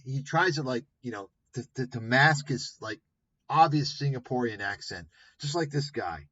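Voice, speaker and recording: A man's voice: medium pitch, lively intonation, moderate pace, fairly bright tone, no room sound, highs cut off. Sarcastic, profane male livestream host. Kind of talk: livestream commentary.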